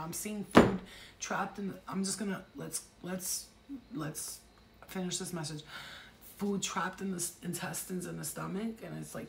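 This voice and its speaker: A woman's voice: fairly low pitch, creaky, a little hiss or hum. A woman giving a rambling, casual intuitive reading, chatty and blunt with crude jokes. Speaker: psychic tarot reader.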